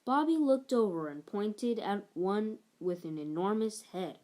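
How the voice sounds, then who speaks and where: A woman narrating a children's picture book aloud in an expressive storytelling manner. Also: mid-range voice, measured pace. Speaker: storybook reader.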